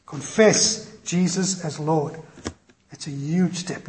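A man preaching a sermon with impassioned storytelling, swinging from loud to quiet. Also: a little high, takes it slowly. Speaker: pastor. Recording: echoey room with faint noise.

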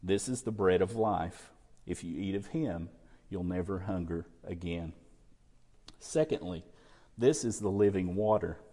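A man preaching in a church, his fairly low, mellow voice ringing with the long reverb of a big sanctuary. He works through scripture and keeps asking the congregation questions. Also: measured pace. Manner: expository preaching with rhetorical questions. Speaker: pastor. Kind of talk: sermon.

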